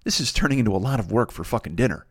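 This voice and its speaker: Crude vengeful cavemen, gruff and profane, as a male podcaster puts them on. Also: medium pitch, lively intonation, rapid-fire, voice pushed down. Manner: gruff, swearing, exaggerated.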